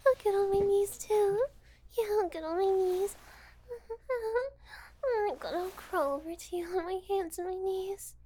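A young woman performing an intimate audio role-play as a gullible, eager, easily flustered young woman who giggles, stammers and slips into breathy whispers. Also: extremely high pitch, unhurried, dark tone.

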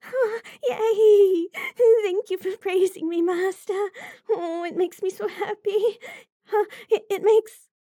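Woman voicing a very high, whimpering puppy-girl. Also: steady tone, measured pace, warm tone, no room sound, clean studio sound. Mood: eager. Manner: whimpering, giggly, breathless. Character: eager young puppy-girl, fawning and submissive. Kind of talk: adult audio role-play.

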